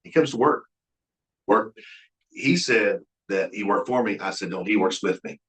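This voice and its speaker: A middle-aged Oklahoma man with a deep voice, a guest speaker at a Bible college, delivers a sermon-like leadership lecture full of stories at a normal speed. He's folksy and earnest, often restarting his sentences as he acts out quoted conversations. His low voice echoes around the room.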